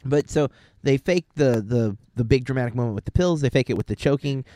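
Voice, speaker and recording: Animated, sarcastic young man chatting. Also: mid-range voice, fairly quick. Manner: animated, sarcastic, acts out quotes. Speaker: co-host reviewing a movie; teacher. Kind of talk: casual chat.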